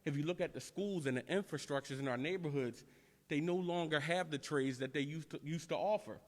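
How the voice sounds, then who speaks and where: A middle-aged man with a Philadelphia accent, a community nonprofit director giving a steady, plainspoken statement at a press conference. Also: fairly high pitch, fairly quick. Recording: long reverb in a large room.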